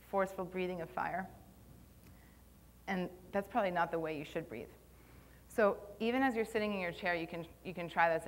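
A young woman giving a live conference talk on posture, conversational and a little nervous, with plenty of ums. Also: lowish voice. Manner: conversational, filler-heavy, slightly nervous. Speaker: conference speaker on posture and Pilates. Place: conference room.

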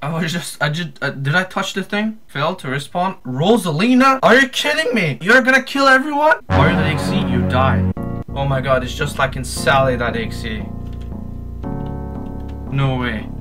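Jumpy man yelling over game music. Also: on the high side, normal speed, low-quality recording. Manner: jumpy, exclaiming and yelling at scares. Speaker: gamer playing a horror fan game. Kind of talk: let's play commentary.

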